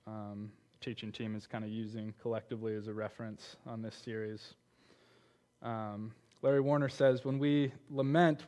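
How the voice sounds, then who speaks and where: With a medium-pitched, slightly mellow voice, this man preaches in a conversational style. He belongs to a church teaching team and keeps repeating words and asking his listeners questions.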